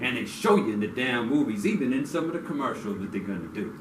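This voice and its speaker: A man's voice: mid-range voice, animated, fast. Blunt, profane man in an echoey space. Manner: blunt, profane, rising to angry outbursts. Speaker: community speaker. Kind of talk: impassioned street talk. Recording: echoey, distant mic with noise.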